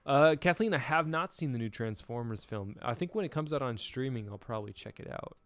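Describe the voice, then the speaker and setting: A man's voice: mid-range voice, animated, a little fast, a bit bright, no room sound. A man hosting a casual livestream podcast in a laid-back way, reading out viewer comments and steering the agenda. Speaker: podcast host.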